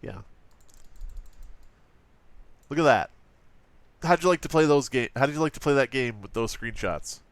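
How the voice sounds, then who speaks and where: A man's voice: mid-range voice, lively intonation, fairly quick, clear, resonant tone, no echo. A man casually commenting on an old gaming magazine, joking, swearing and using lots of fillers. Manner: profane, joking, frequent fillers. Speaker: let's play host.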